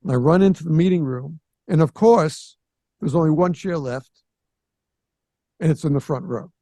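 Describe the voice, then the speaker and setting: A man in his sixties hosts a casual podcast, telling stories with animation and acting out other people's voices. His voice sits a bit high with a mellow, warm tone, at normal speed, recorded close and dry without echo.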